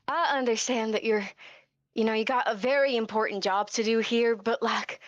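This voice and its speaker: Player, female, dry close sound, slightly high voice, hesitant and chatty. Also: fairly even intonation, normal speed, no room sound, highs cut off. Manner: hesitant, full of fillers and restarts. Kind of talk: casual tabletop game chat.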